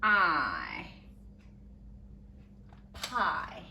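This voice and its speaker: A woman teaching a third-grade spelling lesson, slowly sounding out letters and giving encouraging praise. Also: sits low, huge pitch swings, creaky, pushed and bright, a little hiss or hum. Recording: echoey room with faint ambience.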